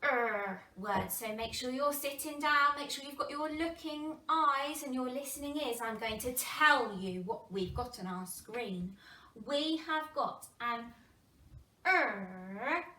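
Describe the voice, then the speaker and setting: A woman with an English accent teaching a phonics lesson to young children, sounding out words slowly and with a lot of expression. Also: high-pitched. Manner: animated, exaggerated sounding-out of words with gasps and whispers. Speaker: primary school teacher. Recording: roomy distant mic, faint background noise.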